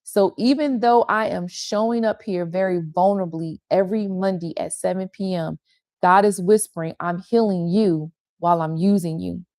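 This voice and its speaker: Soft-spoken older woman pastor, intimate. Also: lowish voice, moderate pace, dry recording, studio quality. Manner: tender and confessional, repeating phrases for emphasis. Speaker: pastor and women's ministry leader. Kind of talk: heartfelt devotional teaching on a livestream.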